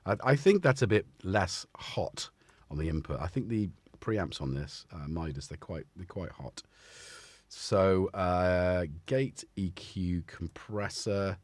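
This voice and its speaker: A man's voice: sits low, animated, slow pace, a little mellow, dry recording. A man hosting a casual live stream from his home music studio, rambling and chatting to his cats as he goes. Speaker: livestream host.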